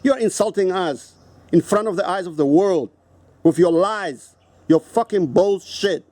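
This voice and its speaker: A man's voice: high voice, measured pace, warm tone, dry recording. A man with a South African accent, ranting angrily and profanely into the camera, repeating himself and confronting the person he is addressing. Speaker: video host. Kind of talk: angry rant to camera.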